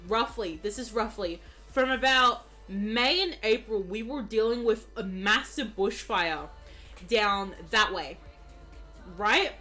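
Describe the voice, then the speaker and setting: Bright-voiced Australian woman streamer. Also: fairly high pitch. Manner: chatty, giggly, rambling. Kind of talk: casual chat while gaming.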